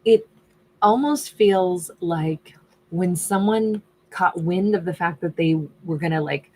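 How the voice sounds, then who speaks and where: Woman tarot reader, husky and low, musing aloud in a relaxed reading. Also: slow pace. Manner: thinking aloud, slipping into the voices of the people in the reading. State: losing her voice.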